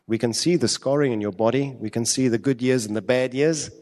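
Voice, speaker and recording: A man's voice: medium pitch, brisk, a little mellow. A man preaching in a long-echoing hall. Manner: conversational and emphatic, with many rhetorical questions. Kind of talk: sermon.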